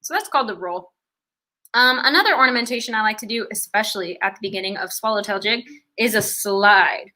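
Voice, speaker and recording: Bright-voiced young woman teaching fiddle. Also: on the high side, expressive, quick pace, faint music behind. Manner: friendly step-by-step teaching, counting beats aloud. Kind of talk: online music lesson. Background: fiddle playing.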